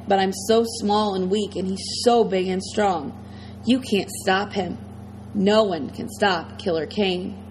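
Casting: woman audiobook narrator, mid pitch, dramatic first-person delivery. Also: darkish tone, a little hiss or hum, poor audio. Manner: tense, dramatic storytelling.

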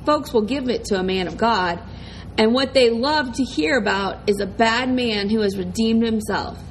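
A woman's voice: on the high side, a little hiss or hum, natural voice, low-quality recording. A woman reading a menacing ex-convict preacher.

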